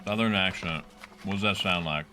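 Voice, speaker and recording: A man's voice: low-pitched, moderate pace, bright, forceful tone. A man streaming a game, chatting casually with viewers in a rambling way and swearing freely. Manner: rambling and profane, talks to chat. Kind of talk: casual gameplay commentary. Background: game music.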